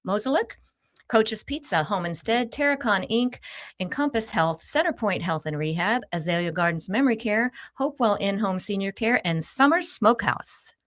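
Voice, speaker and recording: A woman's voice: medium pitch, expressive, normal speed, a bit bright. Cheerful woman radio guest. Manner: cheerful, rattling off lists. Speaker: charity event organizer guest. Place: radio studio.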